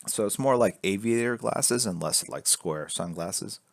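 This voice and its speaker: A man with a deep, low voice talks through a drawing step by step on a live stream, relaxed and joking, answering chat as he sketches. The sound is dry and close, with no room around it. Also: unhurried, vocal fry, dry recording. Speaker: artist streaming a drawing lesson. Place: indoors at a drawing board. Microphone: camera fixed to drawing board.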